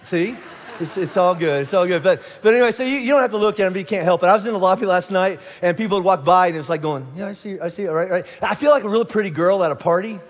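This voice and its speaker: A man's voice: high voice, fast talker, long reverb tail. A man, a pastor preaching a sermon with a joking, playful manner and banter with the audience. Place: church auditorium stage.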